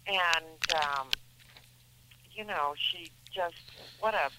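A woman's voice: on the low side, very slow, heavy background noise. A middle-aged woman, an actress guest in a radio interview, talking in a chatty, rambling way with many restarts.

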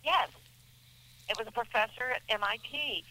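Bright, chatty middle-aged actress. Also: female voice, a little high, normal speed, low-quality recording. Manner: chatty, rambling with many restarts. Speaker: actress guest.

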